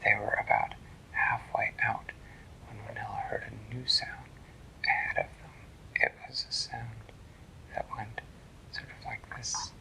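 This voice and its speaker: A man narrating a bedtime story in a hushed, slow, gentle whisper. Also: lowish voice, little pitch movement, vocal fry, rough recording.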